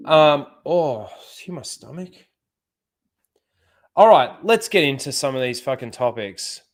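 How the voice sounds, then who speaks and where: A man's voice: medium pitch, lively intonation, unhurried. Swearing man streaming casually. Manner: swears freely, chuckles often. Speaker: livestream host. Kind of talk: casual livestream chat.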